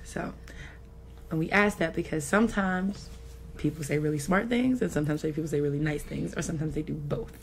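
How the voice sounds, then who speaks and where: A woman co-hosting a podcast, asking her guests questions in a relaxed, chatty way full of filler words. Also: low voice, brisk, slight background noise. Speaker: podcast co-host. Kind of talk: casual chat interview.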